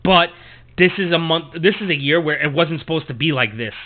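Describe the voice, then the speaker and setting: A man's voice: fairly high pitch, brisk. A man hosting a sports podcast, swearing often and ranting heatedly in a monologue. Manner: profane, heated, repetitive ranting. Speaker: podcast host. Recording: tinny phone-like audio.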